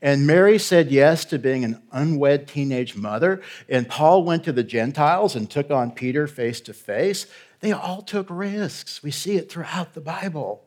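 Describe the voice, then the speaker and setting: A man's voice: on the high side, animated, unhurried, darkish tone. A man preaching a sermon as a guest pastor. He is direct and conversational, often checking in with the congregation as he urges them on. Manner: emphatic, urging.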